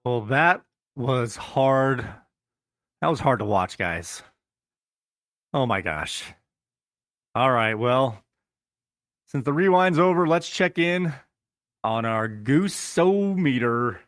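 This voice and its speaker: A man's voice: mid-range voice, lively intonation, takes it slowly, long pauses, fairly bright tone, no echo, clean studio sound. A man hosting a fantasy football podcast, talking to listeners in an upbeat, casual way and calling them guys. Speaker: podcast host.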